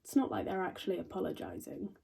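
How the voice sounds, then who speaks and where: A sardonic young woman in her twenties delivers a stage monologue full of dry, crude asides. Her voice is dark and a little husky. She sounds a touch distant from the mic. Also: fairly low pitch, quick pace, exaggerated voice. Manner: wry, deadpan, crude asides. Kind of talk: theatrical monologue.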